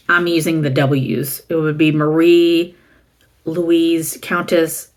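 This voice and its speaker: A woman's voice: low-pitched, steady tone, moderate pace. A middle-aged woman from the American South, chatting casually and rambling as she shows a used book haul and reads the titles aloud. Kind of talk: casual chat.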